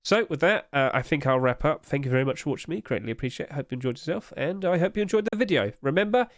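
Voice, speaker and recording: A young man talks through a casual live stream in a rambling, animated way. His voice sits a little high for a man. The recording is close and dry, with little room sound. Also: fast, dry recording.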